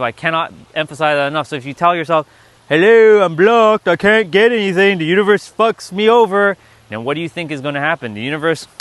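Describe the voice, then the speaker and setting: Bright-voiced man riffing on a livestream. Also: on the high side. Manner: blunt, swearing, playful, coins acronyms, chats with viewers. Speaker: livestream host. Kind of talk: casual motivational livestream talk. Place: outdoors among rocks.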